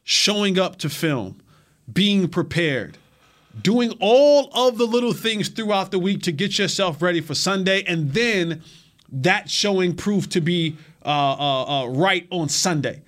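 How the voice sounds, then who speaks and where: A man's voice: sits high, lively intonation, measured pace, fairly bright tone. A man hosting a sports talk show, speaking casually and animatedly, often repeating words as he builds his point.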